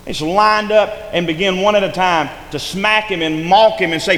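A man's voice: high-pitched, normal speed, hardly any pauses, sharp tone. A man preaching a sermon in a rising and falling preaching cadence, often stressing his words. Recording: echoey hall with long reverb, faint noise.

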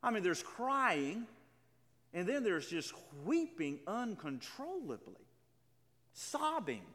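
A man preaches a sermon in a reverberant hall, reading scripture aloud with drama, emphatic and full of stammering restarts. His voice is high and a bit bright, very animated yet slow-paced.

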